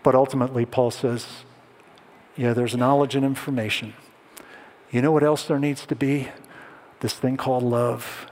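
A man preaching a sermon as a pastor, telling stories and dropping to soft, hushed tones to drive points home. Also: medium pitch, fairly even intonation, moderate pace, long pauses, big-room sound. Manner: storytelling, drops to soft hushed tones for emphasis.

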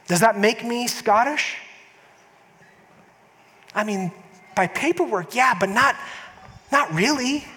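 A man's voice: sits high, pushed and bright. A man preaching a sermon as a pastor, conversational with frequent restarts and emphatic asides to the congregation. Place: church sanctuary. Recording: long church hall reverb.

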